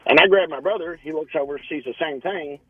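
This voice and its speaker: A man's voice: on the high side, fast, breathy edge, narrow, tinny audio. A man from Louisville calling into a radio show, earnestly telling a story that still shakes him. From Louisville, Kentucky, US. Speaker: caller. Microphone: phone.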